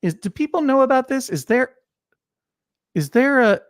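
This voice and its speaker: A man's voice: extremely high pitch, sing-song, normal speed, long pauses, no room sound, clean studio sound. A man hosting a casual online talk show, playful and rambling, with absurd asides. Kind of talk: casual video chat.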